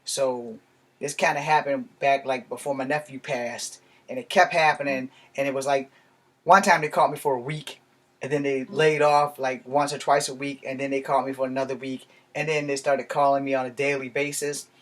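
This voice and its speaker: A man from Virginia rants to his viewers in a loose, rambling monologue. He is blunt and swears freely, and his voice sits at an ordinary middle pitch for a man. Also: little pitch movement, normal speed, fairly bright tone. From Virginia, USA. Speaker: vlogger. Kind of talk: casual ranting monologue.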